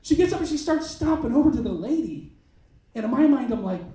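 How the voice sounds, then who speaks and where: A man doing stand-up in a comedy club, his voice pitched high and swinging wildly as he acts out little characters. The sound is very echoey and a touch distant, like a room mic picking him up from across the club. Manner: animated, acts out characters in quick bits. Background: audience laughter.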